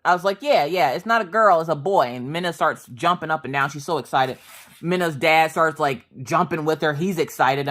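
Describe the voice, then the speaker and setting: A woman in her thirties chatting casually to her viewers, telling stories with jokes and quick asides. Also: extremely low pitch. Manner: chatty, jokey, animated storytelling. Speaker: crafting vlogger. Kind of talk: casual storytelling chat.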